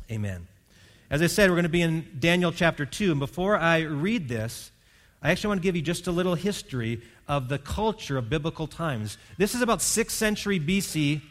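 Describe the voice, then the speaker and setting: A man preaching a sermon as pastor, telling a Bible story and voicing its characters, rising to loud emphasis. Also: on the high side, animated, brisk.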